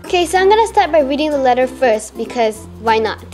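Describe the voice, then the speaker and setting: Teen girl vlogger, high and bouncy, fangirling over fan mail. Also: a little fast, soft background music. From Malaysia. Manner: gushing, excitable fangirling with many "oh my gosh". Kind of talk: unboxing fan mail vlog.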